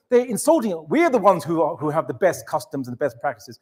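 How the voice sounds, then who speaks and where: A man giving a lecture to an audience, animated and chatty, full of restarts and asides. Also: high voice, fast talker, few pauses. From England. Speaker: Islamic lecturer.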